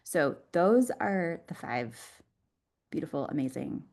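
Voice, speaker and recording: A woman's voice: low voice, very animated, slow, vocal fry, darkish tone. A woman being interviewed on a podcast, explaining her field enthusiastically and laughing often. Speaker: podcast guest, Human Design mentor.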